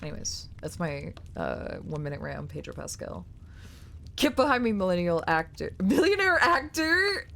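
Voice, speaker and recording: A woman's voice: deep voice, sing-song, normal speed, creaky. A young woman streaming live, chatting casually and ranting with swears and mocking quotes. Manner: rambling, swears, ranty with mocking put-on quotes.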